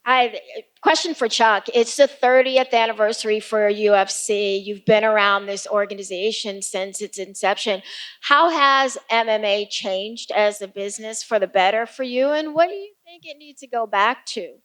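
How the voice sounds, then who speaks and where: A woman's voice: medium pitch, moderate pace, a bit bright, clear, resonant tone, poor audio. A woman from the audience asking the panel a direct, composed question.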